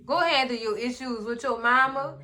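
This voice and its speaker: A woman in casual recap commentary, animated and sassy, often talking straight to the characters. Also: a little high, normal speed. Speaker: recap vlogger.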